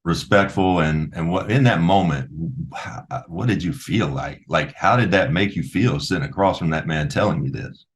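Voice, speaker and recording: A middle-aged male host with a very deep voice asks questions in a slow, searching way. His phrasing stretches out and circles back as he works toward the point. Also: slight background noise. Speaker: podcast host. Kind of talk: casual interview chat.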